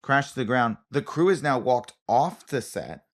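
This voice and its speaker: A man co-hosting a comedy podcast in casual chat, an animated storyteller who repeats phrases for emphasis. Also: mid-range voice, moderate pace. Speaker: podcast co-host, comedian and actor.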